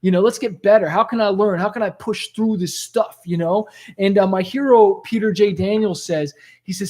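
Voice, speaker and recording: High-voiced man giving an animated pep talk. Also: normal speed. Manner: animated, conversational, peppered with "like" and "okay?". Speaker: rap rock musician giving motivational talk. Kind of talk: motivational storytelling to camera.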